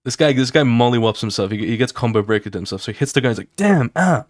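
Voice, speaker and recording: A man who streams his drawing, casually walking viewers through his comic pages with animated, fast talk, swearing and sound effects. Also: medium pitch, dry recording, clean studio sound.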